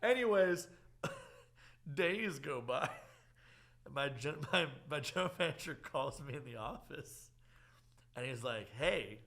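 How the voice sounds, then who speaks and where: Bright-voiced man telling bar stories. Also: on the high side, measured pace, creaky, long pauses. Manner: animated storyteller, acts out quotes, laughs often. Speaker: podcast host. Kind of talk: casual chat.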